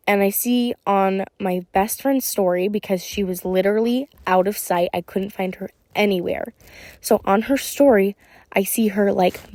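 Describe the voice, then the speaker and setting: A woman's voice: mid-range voice, a little mellow, dry recording. A woman narrating a submitted storytime in a chatty, emphatic way, full of casual fillers. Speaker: storytime creator.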